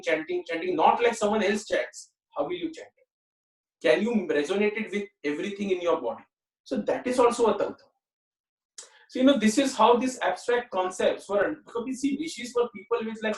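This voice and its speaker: A man's voice: high-pitched, very animated, fairly quick. A man giving an earnest spiritual talk, often repeating himself and saying "you know". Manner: earnest, repetitive, many "you know" fillers. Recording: roomy echo, mic at a distance.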